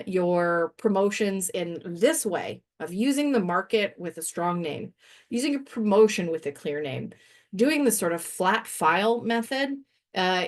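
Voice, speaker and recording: Leading a webinar, a female trainer demonstrates some software in a medium-pitched voice. She's talkative and pokes fun at herself, with occasional laughs and slight breathlessness.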